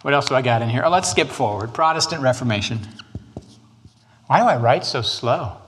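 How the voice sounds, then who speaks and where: Animated joking preacher man. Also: mid-range voice. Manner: animated, joking, quick asides and put-on quotes. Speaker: pastor. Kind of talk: sermon on church history.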